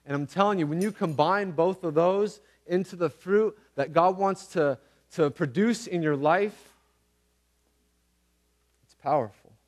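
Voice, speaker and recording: Earnest, slightly high-voiced male preacher. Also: unhurried. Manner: earnest, repeats phrases for emphasis; casual slang in preaching. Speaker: pastor. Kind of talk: conversational sermon.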